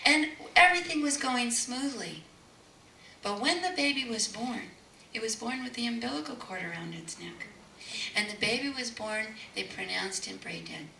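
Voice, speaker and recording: A woman giving an inspirational talk, telling a story with emphatic repetition and sudden hushed passages. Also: on the high side, gravelly. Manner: emphatic, repeats key words, drops to hushed tones. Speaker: spiritual speaker. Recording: echoey room, distant mic, faint noise.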